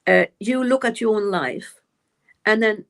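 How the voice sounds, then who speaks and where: A woman's voice: medium pitch, measured pace, gravelly. A woman who grew up in French Algeria, a guest medium and author, talking in a rambling, chatty way on a live stream. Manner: chatty, rambling, many restarts.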